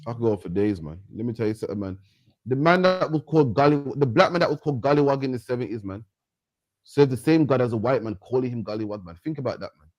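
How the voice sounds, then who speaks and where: A man's voice: mid-range voice, animated, quick pace, darkish tone. A man preaching in an emphatic rant on a livestream, ending his lines with "man". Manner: emphatic, repeats "man" at line ends. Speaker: street preacher and host.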